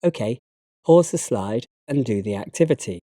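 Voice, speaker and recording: A man with a British English accent, narrating a slide lesson and giving learners instructions in a measured, instructive way. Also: mid-range voice, animated, mellow, no room sound, studio quality. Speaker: English teacher.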